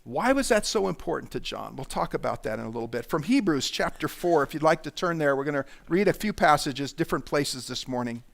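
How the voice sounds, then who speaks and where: Pastor, middle-aged man, slightly high voice, relaxed conversational sermon with asides. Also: fairly quick, creaky, few pauses. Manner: conversational preaching with asides and restarts.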